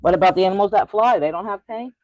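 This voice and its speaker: A man's voice: sits high, fast talker, no room sound, muffled recording. A man co-hosting a casual live spiritual chat stream, teasing in playful banter.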